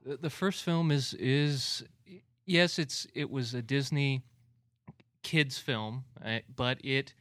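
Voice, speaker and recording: A young man guesting on a podcast, disagreeing in a firm, steady way. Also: mid-range voice, takes it slowly, no room sound, clean studio sound. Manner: firm, contrarian. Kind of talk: casual chat.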